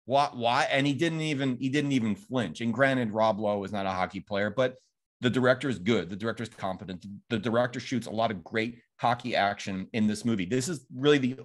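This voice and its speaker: A man's voice: medium pitch, brisk. A man hosting a podcast, chatting casually about a film and retelling its scenes in a rambling way. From Phoenix, Arizona. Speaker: podcast host. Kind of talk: casual film review chat.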